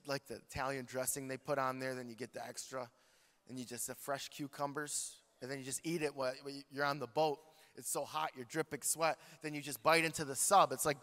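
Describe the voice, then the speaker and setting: A preacher man tells a story from the pulpit in a lively, joking way, calling out to his congregation. His voice is bright and forward. It rings out with the long reverb of a large church hall. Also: a little high. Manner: animated, joking, talks to the congregation. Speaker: pastor. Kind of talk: storytelling sermon.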